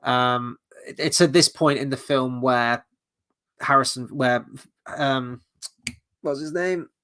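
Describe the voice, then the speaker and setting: A man's voice: medium pitch, steady tone, takes it slowly, bright, forceful tone, clear, resonant tone. A man hosting a film review, ranting casually and bluntly, profane and rambling with many restarts, tired late at night.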